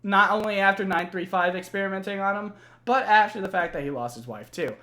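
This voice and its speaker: Young man rambling, higher voice. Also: a little fast, pushed and bright. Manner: rambling, profane, many fillers. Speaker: gamer recounting game lore. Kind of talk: casual chat.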